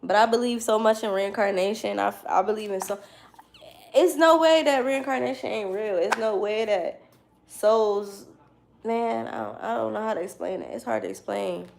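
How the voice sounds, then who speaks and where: A woman's voice: mid-range voice, normal speed, gravelly, slight background noise. A young woman telling a casual story to her viewers, loose and slangy, with frequent swearing and laughter. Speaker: tarot reader.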